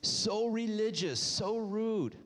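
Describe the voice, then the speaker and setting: A man delivering a sermon, reading scripture in a steady middle register. When he presses a point, his voice climbs high and carries with force. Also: slow pace. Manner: emphatic, rising to near-shouted peaks when stirred. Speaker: preacher.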